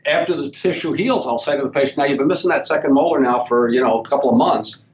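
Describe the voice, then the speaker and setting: A male dentist as a podcast guest, telling clinical stories and acting out conversations with patients. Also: fast talker. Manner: storytelling, acts out patient dialogue. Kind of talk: casual podcast interview. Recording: slightly dull sound with faint rumble.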